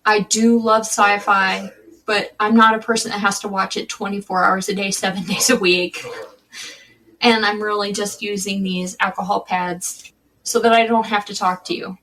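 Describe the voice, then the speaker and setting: A woman speaks as a guest on a podcast interview, recounting her own story in a candid, conversational way. She often restarts mid-sentence, and her middle-pitched voice sounds a little distant from the microphone. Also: little pitch movement, moderate pace, fairly bright tone.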